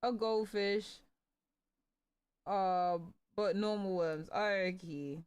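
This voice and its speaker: A woman's voice: mid-range voice, lively intonation, a little slow, no room sound. A playful young woman, chatting casually while gaming and singing along goofily. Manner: playful, sings along to songs, goofy. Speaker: streamer.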